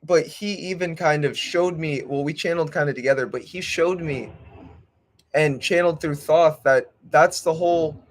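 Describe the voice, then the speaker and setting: A man's voice: a little high, normal speed, slight background noise. A young man hosting a livestream, rambling casually with swearing and slang. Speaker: livestream host.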